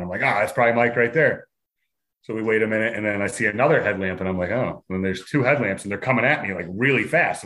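A man spinning a hiking story for a podcast, loose and casual. He laughs often and slips into quick acted voices of the people in his tale. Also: medium pitch, a bit bright. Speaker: podcast guest.

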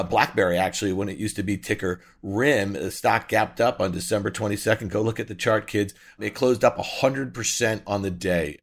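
Low-voiced man recalling a bad trade. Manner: measured, with fillers and hedges. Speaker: podcast co-host, former hedge fund manager. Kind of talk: casual market talk.

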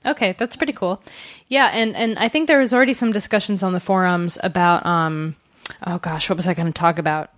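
A woman's voice: lowish voice, fairly quick, dry recording. A woman co-hosting a podcast, discussing a novel in a chatty, hesitant way with many fillers. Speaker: podcast co-host. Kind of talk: casual book discussion.

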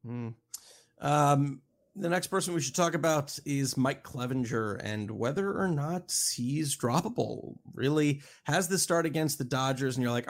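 A man hosting a casual podcast, lively and animated, acting out both sides of imagined conversations. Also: medium pitch, a little slow. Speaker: podcast host. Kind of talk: casual podcast chat about pitching stats.

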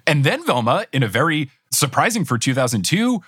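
A man's voice: a little high, sing-song, brisk, fairly bright tone, breathy edge, no echo, studio quality. A man hosting a podcast, chatting casually, recapping a show, and reading an ad, laughing often. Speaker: podcast host. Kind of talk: casual chat and ad read.

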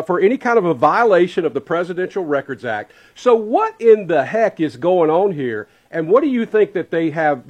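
Husky, lively-voiced radio co-host man. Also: high voice. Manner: joking, chatty, laughs easily. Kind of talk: casual morning radio chat.

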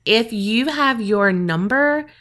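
A woman co-hosting a podcast, chatting casually and reading a listener's letter aloud with lively storytelling and frequent fillers. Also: on the high side, slow pace. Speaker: podcast co-host.

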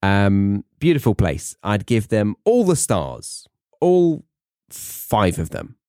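Young british guy, host, low voice, casual self-deprecating monologue, dry close mic. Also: sing-song, takes it slowly, mellow, dry recording. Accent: British English. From England. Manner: chatty, self-mocking, rambling asides. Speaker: podcast host. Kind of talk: casual monologue for English learners.

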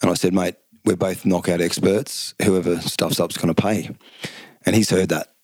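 Guy, middle-aged, real low voice, chatty storyteller doing the dialogue himself, dry mic. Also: normal speed, no echo. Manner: animated storyteller, acts out quotes, laughs often. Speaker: guest, former kickboxing champion. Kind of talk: casual storytelling chat.

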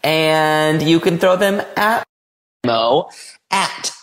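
A man hosting a podcast, talking in a campy, excitable rush and swearing without a second thought. His pitch sits in the middle but swings widely as he gushes. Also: a little slow. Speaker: podcast host. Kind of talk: casual podcast chat.

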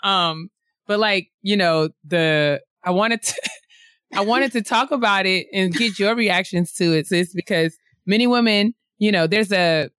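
A woman co-hosting a casual book discussion podcast, talking haltingly with many restarts and frequent laughter. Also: mid-range voice, a bit bright, smooth, no room sound, clean studio sound. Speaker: book club co-host.

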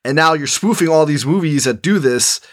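A man's voice: a little high, expressive, moderate pace. A man co-hosting a podcast, chatting casually and emphatically about a movie, laughing often. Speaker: podcast co-host.

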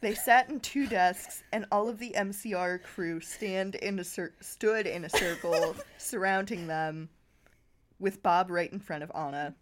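A woman's voice: medium pitch, noisy background. A woman reading a story aloud for laughs, stumbling over words and breaking into laughter. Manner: reads haltingly, breaking into laughter. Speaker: reader.

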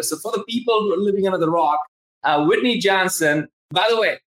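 Male host, Southern accent, excitable and rambling, live-stream chat on a video call. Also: sits high, fairly quick. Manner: enthusiastic, rambling, many restarts and fillers. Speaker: podcast host. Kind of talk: casual live-stream interview. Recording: roomy, echoey room sound.

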